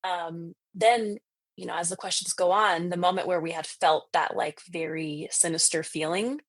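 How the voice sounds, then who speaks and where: A woman's voice: fairly low pitch, steady tone, normal speed, no echo. A woman telling a ghost story in casual chat, full of "like" fillers, who acts out the voices she quotes. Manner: chatty, heavy on "like" fillers. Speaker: podcast guest telling ghost stories.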